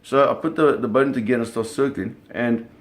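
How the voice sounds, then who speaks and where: A middle-aged man casually telling a story, animated, with sound effects and acted quotes. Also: medium pitch, fairly quick. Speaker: storyteller recounting a fishing trip.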